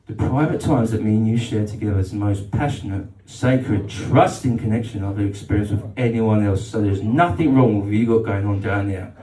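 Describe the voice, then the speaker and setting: A man quoting his girlfriend in a soft, earnest, lowered voice during a stand-up set. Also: moderate pace, hardly any pauses, close to an everyday voice. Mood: tender. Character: tender, earnest young girlfriend. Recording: roomy live hall from far off.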